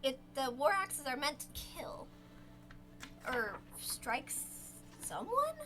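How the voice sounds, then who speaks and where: A woman playing a tabletop game, excitable and stammering over her words. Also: sits high, takes it slowly, a little hiss or hum. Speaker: player.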